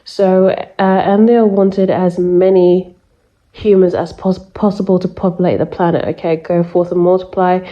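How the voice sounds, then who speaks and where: A woman's voice: on the low side, little pitch movement, moderate pace, muffled recording. A woman giving spiritual messages in a chatty, emphatic monologue full of fillers. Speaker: spiritual reader. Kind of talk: casual monologue to camera.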